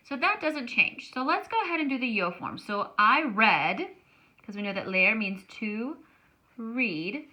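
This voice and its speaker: A woman teaching a Spanish grammar lesson, explaining slowly and stretching words out to show how they sound. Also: fairly high pitch, sing-song, pushed and bright.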